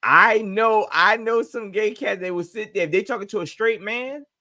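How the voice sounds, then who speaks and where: A man co-hosting a podcast, lively and eager to break in with his point. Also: sits high, moderate pace, no room sound, clean studio sound. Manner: lively, keeps cutting in to make a point. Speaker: podcast co-host. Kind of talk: casual group chat.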